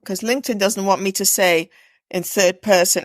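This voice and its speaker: A woman's voice: mid-range voice, steady tone, moderate pace, dry recording. A woman, an executive coach, asking questions on a video call and thinking aloud, hesitant and self-correcting.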